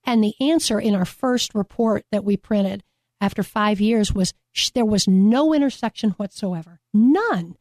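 A woman's voice: medium pitch, unhurried, a little mellow, no room sound, studio quality. A woman guest from a domestic violence agency, speaking passionately and emphatically in a radio interview and repeating her key phrases. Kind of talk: earnest radio interview talk.

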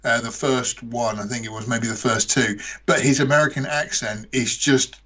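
A man's voice: mid-range voice, steady tone, moderate pace, a bit bright, breathy edge. A man chatting casually and joking, laughing often. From United Kingdom. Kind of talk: casual chat.

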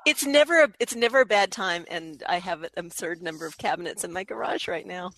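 A woman's voice: lowish voice, lively intonation, brisk, a bit bright. A woman in casual podcast chat over a video call, talking with frequent laughs and restarts. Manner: laughs often, chatty with restarts. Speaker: podcast regular.

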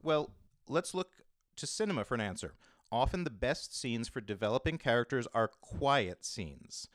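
A man hosting a casual roundtable chat about tabletop games, explaining things briskly. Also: medium pitch, animated, a bit bright, no room sound, studio quality. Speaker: podcast host and game master.

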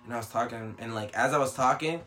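A young man, telling a story in casual chat, animated and swearing a lot. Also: medium pitch, quick pace, slight background noise.

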